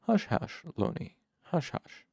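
A man voicing a gentle, patient male caretaker of sick children, speaking in a soft, soothing murmur. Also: mid-range voice, sing-song, fairly quick, creaky, no echo, clean studio sound.

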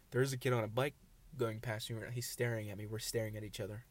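Young guy rambling on his podcast, tired, goofy and self-deprecating, drifts off topic, mid-pitch voice. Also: little pitch movement, fast talker, long pauses. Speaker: podcast host. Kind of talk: casual solo podcast chat. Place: outdoors.

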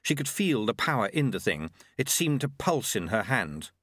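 A man narrating a novel in expressive scripted storytelling. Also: mid-range voice, normal speed, no room sound, studio quality. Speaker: audiobook narrator.

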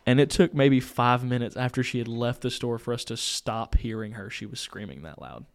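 A young man, a podcast co-host, casually telling a story in a small home studio, animated, acting out voices and laughing. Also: mid-range voice, moderate pace, creaky. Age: young adult.

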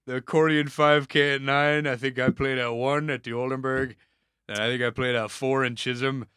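Bright, crisp Minnesota man. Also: medium pitch, level tone, normal speed, no room sound, clean studio sound. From northern Minnesota. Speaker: guest musician. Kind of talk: casual podcast chat.

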